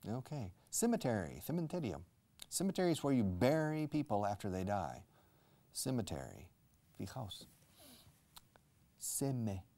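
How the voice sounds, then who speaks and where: A man's voice: medium pitch, big pitch swings, fairly quick, warm tone. A man teaching English in a live-streamed lesson, explaining words and dropping into Spanish asides.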